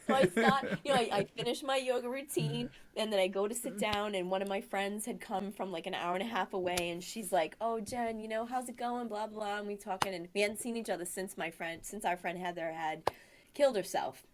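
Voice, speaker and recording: A woman's voice: mid-range voice, brisk, a little hiss or hum. A woman from Rhode Island, a guest in a casual interview, animatedly telling a dramatic personal story. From Rhode Island, USA.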